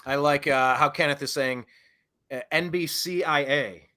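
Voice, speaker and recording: A man's voice: a little high, measured pace, bright, forceful tone. A man co-hosting a political talk show, sarcastic and playful in his banter. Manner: playful, mock-serious, sarcastic. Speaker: co-host.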